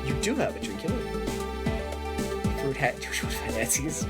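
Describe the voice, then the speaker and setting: A woman streaming a game, talking into her mic with a lively voice that rises and falls a lot. Her commentary is casual and irreverent, full of swearing and game lines read aloud. Game music plays clearly behind her. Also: a bass voice, slow pace.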